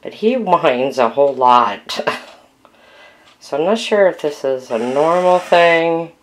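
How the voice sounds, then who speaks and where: A woman at home speaks very slowly to her parakeets, coaxing them in soft baby talk. Her pitch rises and falls in lively swoops. A home video with clear background noise and squawking birds behind her. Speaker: pet owner filming her parakeets.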